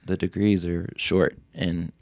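A Nashville music scene figure, guesting on a podcast, speaks in a deep, darkish voice with vocal fry, a flat delivery and a slow pace, recorded without echo. Loose and freely profane, he tells a long story in casual conversation, acting out voices and laughing frequently.

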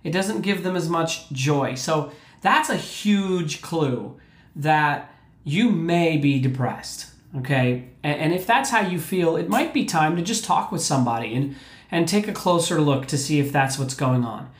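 A man's voice: on the high side, lively intonation, a little slow, roomy sound. A man working as a clinician, giving an informal health talk to shelter residents and keeping in touch with his listeners through repeated check-ins. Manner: conversational, keeps checking in with "right?" and "okay?"; repeats words and restarts often.

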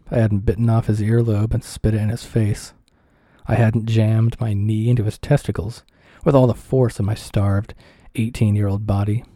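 A man narrating a first-person memoir aloud in a measured, somber, deliberate way. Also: on the low side, warm tone, no room sound, studio quality. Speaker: audiobook reader.

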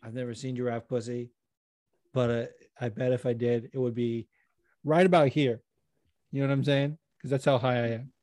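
A man's voice: mid-range voice, steady tone, moderate pace, darkish tone, no echo, studio quality. A man co-hosting a podcast in casual, profane chat, giggling often. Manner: profane, giggly, acts out voices in stories. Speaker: podcast co-host.

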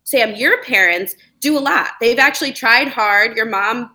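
A woman's voice: fairly high pitch, unhurried, bright, forceful tone, low-quality recording. A woman guest on a podcast, chatting playfully and handing out mock awards. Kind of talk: casual chat.

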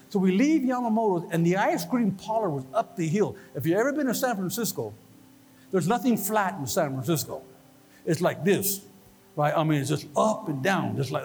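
High-voiced preacher in a reverberant hall. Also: male voice. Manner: animated storytelling, rising to fervent exhortation. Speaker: pastor. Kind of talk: sermon with personal testimony. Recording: long reverb with faint music behind.

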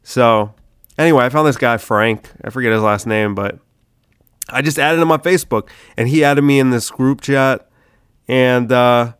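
A man's voice: medium pitch, moderate pace, fairly bright tone, clean tone, no echo, studio quality. A sick man hosting his comedy podcast, rambling loosely with swearing and lots of "dude". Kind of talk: casual rambling monologue.

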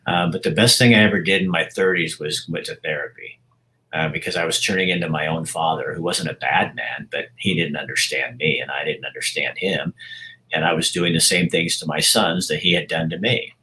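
A man in his sixties being interviewed, talking frankly and reflectively about his life, with halting restarts. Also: extremely low pitch, pushed and bright, poor audio. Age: 60s. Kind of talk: candid personal interview.

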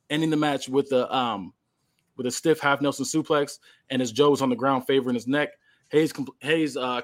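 A male podcast host casually narrating a made-up wrestling storyline, with fillers. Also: medium pitch.

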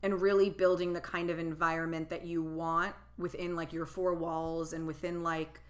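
A woman's voice: on the low side, moderate pace. A woman in her thirties, a podcast guest, telling a personal story in casual chat and acting out the voices of the people she quotes. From California. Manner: animated, acts out quoted voices.

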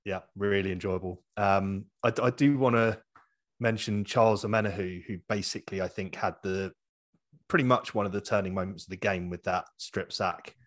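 A man's voice: low-pitched, normal speed, a bit bright. A man in a casual sports podcast chat, talking in a laid-back, rambling way. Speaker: podcast co-host.

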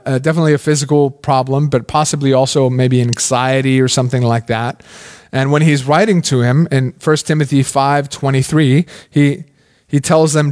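A man delivers a sermon in a relaxed, conversational way. His voice sits a little high for a man, and he keeps stopping to ask questions, with plenty of "like" along the way. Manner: conversational, questioning, with many "like" fillers. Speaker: pastor.

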